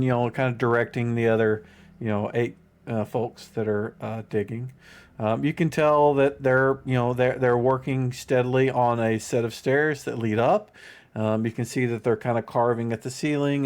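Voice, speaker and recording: A man's voice: medium pitch, steady tone, normal speed, darkish tone. A man narrating as game master of a tabletop game, rambling loosely with many "you know"s and restarts. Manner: rambling, lots of fillers and restarts.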